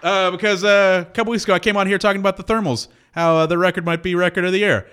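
A man's voice: high-pitched, fairly even intonation, racing, a bit bright, slight background noise. A man co-hosting a community radio show, chatting in a wry, laid-back way in a studio. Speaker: radio co-host. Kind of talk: casual on-air banter.

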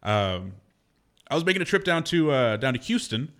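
A man's voice: medium pitch, very animated, moderate pace, a bit bright. A man hosting a casual radio show, chatty and laughing often as he rambles through a story.

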